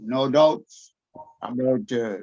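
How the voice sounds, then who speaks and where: Male tutor, mid-pitched, patient, spells things out, dull lo-fi call audio. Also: takes it slowly, a little mellow. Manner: patient, spells words out letter by letter. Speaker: teacher.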